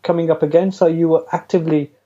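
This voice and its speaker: A middle-aged man tells his story in an easy, chatty way, poking fun at himself and laughing along. His voice sits on the higher side for a man but sounds mellow and dark in tone. The recording is dull and lo-fi. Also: little pitch movement, fast talker. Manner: chatty, self-deprecating, laughs often. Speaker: interview guest. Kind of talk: casual storytelling. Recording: dull lo-fi audio.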